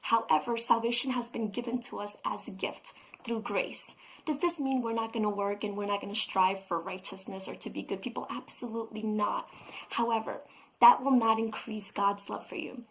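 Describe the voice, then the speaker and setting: A woman's voice: mid-range voice, steady tone, normal speed, vocal fry, rough recording. A woman talking casually and earnestly to her viewers about a lesson of faith, acting out quotes now and then. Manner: earnest, enthusiastic, acts out quotes. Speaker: vlogger and teacher. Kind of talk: casual devotional vlog talk.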